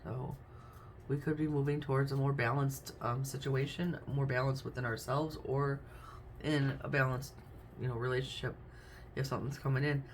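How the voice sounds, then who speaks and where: A woman's voice: a bass voice, steady tone, moderate pace, a little hiss or hum. A woman doing a casual tarot reading, chatty and thinking aloud as she names each card. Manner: chatty, thinks aloud while naming cards. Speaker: tarot reader.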